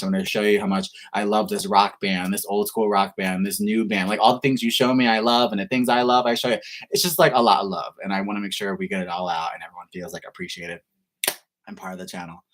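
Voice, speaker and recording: A man's voice: fairly low pitch, fairly bright tone. A man hosting a reaction channel, answering viewer questions in a casual livestream chat, gushing and chatty with lots of "like". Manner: effusive, gushing, heavy use of "like".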